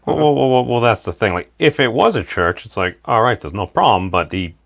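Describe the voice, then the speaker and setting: A man's voice: on the low side, animated, fairly quick, vocal fry, dry recording. A man hosting a casual live stream, asking hesitant questions and stumbling over his words. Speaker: stream host.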